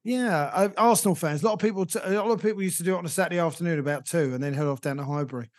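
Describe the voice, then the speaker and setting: British male co-host, slightly higher voice, chatty comic storyteller who laughs through his tales. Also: racing. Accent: British English. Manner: rambling comic anecdotes with chuckles. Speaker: podcast co-host. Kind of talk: casual chat.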